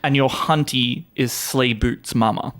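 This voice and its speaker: A man's voice: mid-range voice, fairly even intonation, measured pace, fairly bright tone. Mid-voiced male co-host, gushing and blunt, casual swearing. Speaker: podcast co-host. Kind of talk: casual chat.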